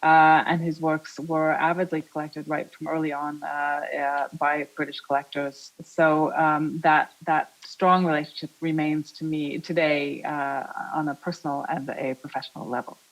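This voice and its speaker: A woman's voice: deep voice, little pitch movement, normal speed, few pauses, low-quality recording. An American woman, an art historian speaking on a panel over a video link, chatty with frequent fillers. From United States.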